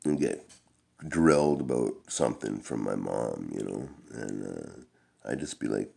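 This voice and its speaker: A man's voice: rumbling low, lively intonation, unhurried, creaky, warm tone, slightly rough. A middle-aged man telling a long-winded, profane personal story in a laid-back, rambling way. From Canada.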